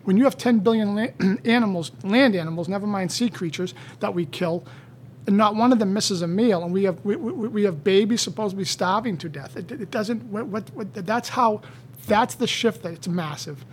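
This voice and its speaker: A man in casual conversation, telling stories in an animated way. He often repeats words and gets louder as he goes. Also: high-pitched, moderate pace, a little hiss or hum.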